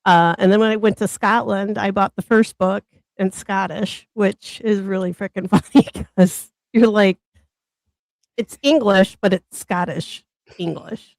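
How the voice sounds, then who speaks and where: Host, female, giggly and talkative, gravelly tone, dry close sound. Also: mid-range voice, unhurried, a little mellow, no echo. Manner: giggly, chatty, self-described nerd. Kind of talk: casual group chat on a stream.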